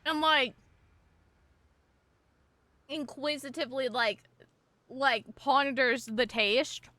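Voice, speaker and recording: A woman's voice: sits high, slow pace, pushed and bright, no echo. A woman streamer chatting casually and playfully, gushing about her dog and swearing now and then. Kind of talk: casual live-stream chat.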